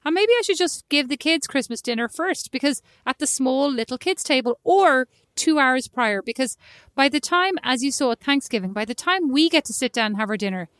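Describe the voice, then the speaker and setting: Woman in her thirties, from ireland, high voice, dry close sound, animated storyteller. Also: brisk, no room sound. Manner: animated storytelling, acts out her child's lines. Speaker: podcast co-host. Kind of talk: casual chat.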